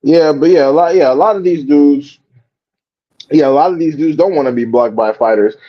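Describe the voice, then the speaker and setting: Man, stream host, casual profane rant, animated, fairly high voice, dull lo-fi audio. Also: normal speed. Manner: animated, profane, mocks others in quoted voices.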